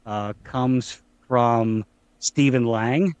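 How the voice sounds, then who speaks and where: A man co-hosting a laid-back podcast, talking in a chatty, joking way and slipping in film quotes. His voice sits at an ordinary middle pitch. The sound is dry and close to the mic. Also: extremely slow, a little mellow, smooth, no echo. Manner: chatty, jokey, quotes films. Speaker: podcast co-host. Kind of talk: casual chat.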